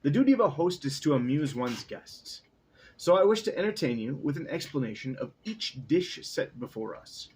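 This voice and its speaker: A man voicing a playful yet menacing male pharaoh in a casual read-aloud of a novel, with a husky, lively voice. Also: a little high, moderate pace. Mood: lordly.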